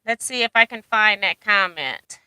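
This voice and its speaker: A woman's voice: mid-range voice, animated, normal speed, sharp tone, clear, resonant tone, no echo, low-quality recording. A woman hosting a casual livestream, reading out viewer comments and chatting with a laugh. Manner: chatty, laughs often, reads comments aloud. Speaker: livestream host.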